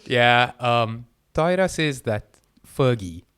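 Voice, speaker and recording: A man talks at a mid pitch that jumps around a lot. He co-hosts the podcast in casual chat, telling his stories with animation and frequent laughter. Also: expressive, takes it slowly, fairly bright tone, smooth. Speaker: podcast co-host.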